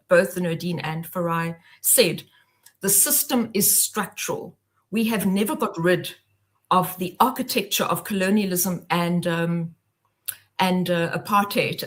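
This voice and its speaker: Earnest South African woman, low-pitched. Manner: earnest, impassioned, speaks in long flowing sentences. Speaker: panel guest, author. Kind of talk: online panel discussion.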